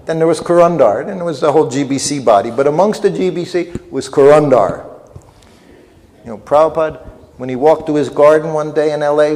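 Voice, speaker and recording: An older festival speaker tells a humorous story at his own expense, a storytelling lecture ringing with long hall reverb. He speaks in a fairly high-pitched, darkish voice.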